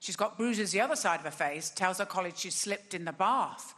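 A woman's voice: medium pitch, lively intonation, fairly quick, fairly bright tone, in a large hall. A woman comedian performing a wry, chatty stand-up routine on a large theatre stage. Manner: wry, conversational, chatty asides.

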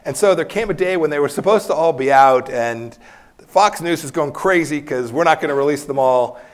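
A man in his fifties, a guest speaker at a university lecture hall, answering questions candidly and telling anecdotes with bursts of laughter. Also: a little high. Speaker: former secretary of state, guest speaker. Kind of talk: campus lecture Q&A, storytelling.

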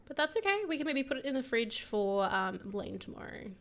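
A young woman with a croaky voice giving bubbly, giggly casual commentary on her life-sim gameplay. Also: medium pitch, moderate pace. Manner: bubbly and giggly, gushing over her characters. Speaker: gaming YouTuber.

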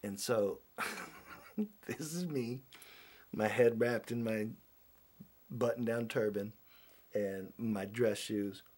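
A man telling a long, rambling personal story in a casual, animated way, with many restarts and acted-out quotes. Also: fairly low pitch, takes it slowly, pauses often, husky.

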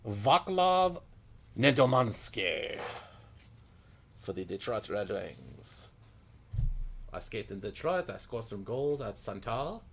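Jolly hockey-player persona with a put-on comic accent, low and gravelly, voiced by a man. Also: sing-song, slow, pauses often, a little hiss or hum, heavily acted. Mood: jokey. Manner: chuckling "ho, ho", speaking in first person as the players. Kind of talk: mock-accent card commentary.

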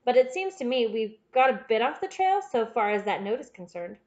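A blunt, impatient young baronet, as a woman reader puts him on, sturdy and outspoken. The voice sits fairly high and comes through a dull, lo-fi recording. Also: big pitch swings, a little fast.

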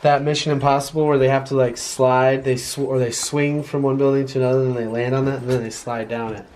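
A man's voice: mid-range voice, flat delivery, fairly quick. A young man chatting casually on a vlog with his wife, laid-back, in a parked car at night. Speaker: vlogger's husband. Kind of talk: casual chat. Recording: loud background noise.

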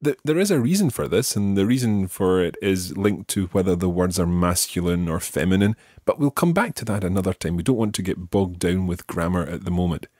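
A male language teacher with a fairly low, slightly husky voice that moves up and down a lot as he explains. He walks patiently through each phrase and models its pronunciation for the learner. The sound is close and dry. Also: expressive, fairly quick, hardly any pauses, a little mellow, no echo. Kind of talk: podcast language lesson.

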